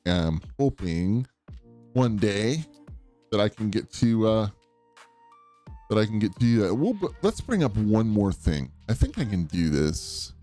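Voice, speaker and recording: A man's voice: lowish voice, sing-song, unhurried, long pauses, warm tone, faint music behind. A man in his fifties hosting a podcast, chatting casually and enthusiastically, rambling a little with restarts as he comments on clips. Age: 50s. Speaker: podcast host.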